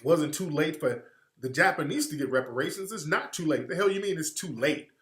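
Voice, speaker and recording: A man's voice: on the high side, expressive, fairly quick, fairly bright tone, roomy sound. A man hosting a livestream, talking in an emphatic, rhetorical way that is full of profanity. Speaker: livestream host. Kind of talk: livestream monologue.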